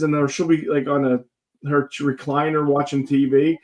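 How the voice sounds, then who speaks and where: A man's voice: a little high, little pitch movement, brisk, darkish tone. Casual man, joking guest storyteller, rambling, filler-heavy chat. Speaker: guest paranormal investigator.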